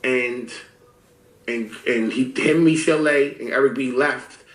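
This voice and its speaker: A man in his forties telling stories in a casual interview, profane and animated, acting out what people said. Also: mid-range voice, slow. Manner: animated storyteller, profane, acts out quotes. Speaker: rapper guest. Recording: roomy echo.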